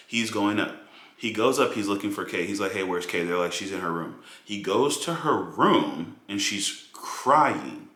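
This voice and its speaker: A man giving a casual, animated film review monologue with lots of fillers and mocking asides. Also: fairly low pitch, measured pace, roomy sound. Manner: animated, mocking quoted voices, many fillers.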